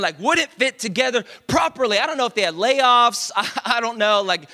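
A high-voiced man preaches with a lively, swooping delivery and plenty of self-mocking asides. His voice is bright and ringing, and it carries through a long reverb that fills a large church hall. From Dallas, Texas. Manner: animated, self-mocking, confiding asides to the audience. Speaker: pastor. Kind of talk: storytelling sermon.

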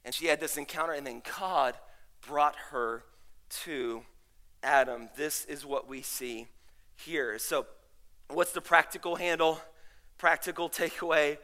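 A middle-aged male pastor preaching a sermon, swinging between drawn-out emphatic lines and sudden shouted peaks. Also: a little high.

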